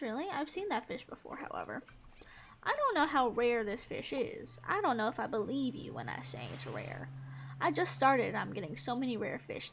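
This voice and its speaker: A woman's voice: high-pitched, a bit bright. A young woman giving casual, playful gameplay commentary, mock-exasperated and talking to the fish on screen. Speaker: gaming streamer.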